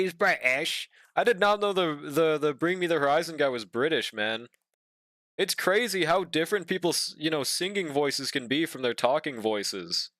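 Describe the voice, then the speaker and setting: Male streamer, higher voice, dry close sound, chatty and profane, hums while drawing. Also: fairly bright tone, no echo. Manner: joking, profane, hums to himself. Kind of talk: casual live-stream chat while drawing.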